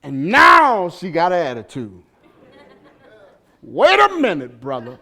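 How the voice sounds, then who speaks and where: A man preaching a sermon as pastor in a church. He delivers it with animated shouting, humor and call-and-response questions to the congregation. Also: high voice, slow, pauses often.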